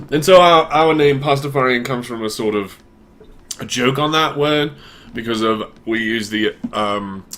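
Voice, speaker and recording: A middle-aged man hosting a call-in show, explaining things patiently in a relaxed way with fillers. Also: medium pitch, measured pace, slight background noise. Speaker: radio show host. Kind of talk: casual call-in chat.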